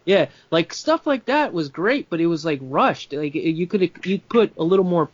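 A man's voice: fairly high pitch, animated, moderate pace, no echo, muffled recording. A man in casual film talk, rambling with many restarts and fillers.

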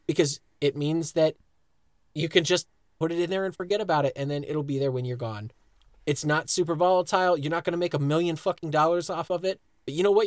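High-voiced, swearing podcast man. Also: no echo, clean studio sound. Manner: profane, laughing, opinionated. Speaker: podcast co-host. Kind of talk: casual chat.

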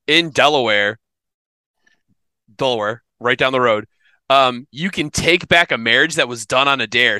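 A man's voice: mid-range voice, sharp tone, clean tone, dry recording, clean studio sound. A young married man co-hosting a podcast, playfully reading out odd facts he finds online. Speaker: podcast co-host. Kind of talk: casual chat.

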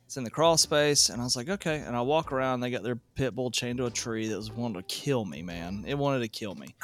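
A man hosting a podcast, telling a work story in a casual, animated way and laughing at himself. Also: medium pitch, quick pace. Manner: animated, self-deprecating, laughs a lot. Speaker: podcast host, HVAC technician.

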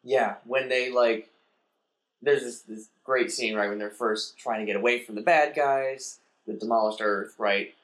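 A man in casual conversation, animatedly retelling a film's plot and briefly acting out the characters in quick put-on voices. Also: mid-range voice, steady tone, fairly bright tone. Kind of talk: casual chat.

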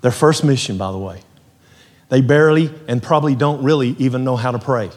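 Male preacher, testimony sermon, moves from hushed to fervent, mid pitch, reverberant hall. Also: brisk. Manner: storytelling, swings from hushed to rising fervor.

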